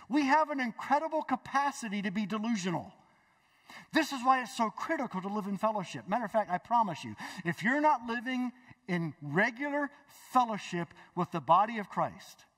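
A male pastor preaching a sermon in a church, emphatic, swinging between loud exclamations and hushed asides. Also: sits high, far from the mic. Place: church sanctuary.

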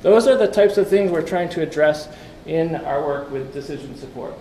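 This conference speaker has a fairly high, mellow voice and talks at a normal speed while clicking through slides. He chats with the crowd, poses questions, and slips in dry jokes; the room echoes, with faint ambient sound and a bit of noise.

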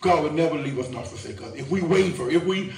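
A man's voice: on the high side, animated, fast, a little mellow. A man preaching a sermon, who repeats his words and keeps asking the congregation to agree. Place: church. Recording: echoey church from far off.

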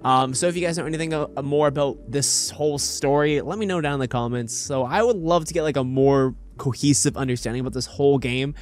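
A man hosting a casual let's-play, excitable, stammering and laughing often. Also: medium pitch, fairly quick, few pauses. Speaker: gaming channel host. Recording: noisy background.

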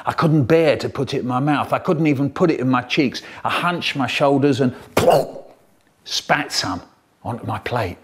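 A man telling comic stories, theatrical and savouring each word, swinging from hushed to loud. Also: medium pitch, normal speed, background noise. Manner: theatrical, savouring words, sudden swings between hush and loud. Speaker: storyteller. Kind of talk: comic storytelling to camera.

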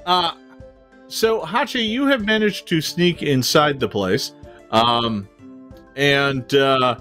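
A game master running a fantasy tabletop session, mid-pitched and unhurried. The narration is loose and conversational, dotted with little fillers. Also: soft background music. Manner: relaxed, easygoing narration with fillers.

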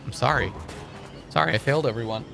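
A young man giving excitable, jokey gameplay commentary and swearing often. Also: medium pitch, quick pace, gravelly. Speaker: gaming channel host. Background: game music and sounds.

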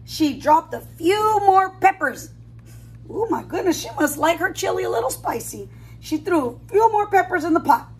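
A woman with an extremely high voice and lively intonation reads a picture book aloud at a moderate pace. She's a preschool teacher with young children, often stopping to ask them questions and adding warm sing-song asides.

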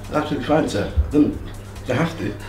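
A man's voice: on the high side, fast. A man hosting a comedy cooking sketch as a mock-formal chef, bantering playfully. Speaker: comedy cooking show host. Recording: echoey room with music behind.

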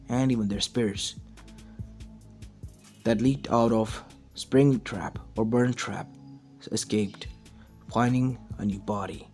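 A man's voice: medium pitch, a little mellow. A man narrating a fan story in a plain, run-on storytelling way.

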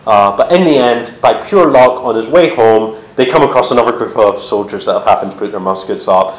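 A man giving a lively, chatty storytelling talk at an event, with plenty of ums and uhs. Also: on the low side, brisk. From United States. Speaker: presenter. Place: event hall. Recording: echoey hall.

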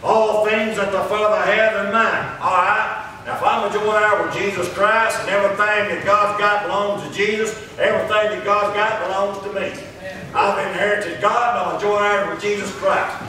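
A man preaching a sermon, emphatic and repeating his points, slowing down to read scripture. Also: high voice, steady tone, sharp tone, a little hiss or hum. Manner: emphatic, repeats lines, reads scripture slowly. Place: church. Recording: echoey church room, distant mic.

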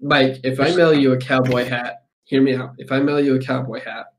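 A man co-hosting a podcast in casual chat, joking, swearing and pitching wild schemes. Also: level tone, a little fast. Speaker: podcast co-host.

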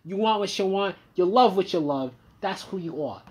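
A man giving a profane reaction rant, heated and swinging between loud outbursts and low muttering. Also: lively intonation, normal speed, slight background noise. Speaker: commentator.

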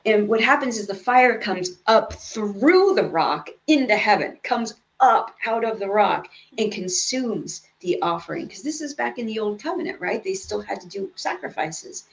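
A woman's voice: medium pitch, lively intonation, moderate pace, creaky, hardly any pauses, low-quality recording. A woman leading a casual Bible study, reading scripture aloud and then explaining it in chatty asides.

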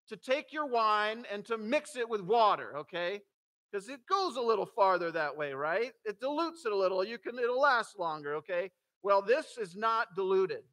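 A man's voice: high voice, pushed and bright. A man, the pastor, preaching a sermon to his congregation, reading scripture aloud and breaking off to explain it emphatically. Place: church sanctuary.

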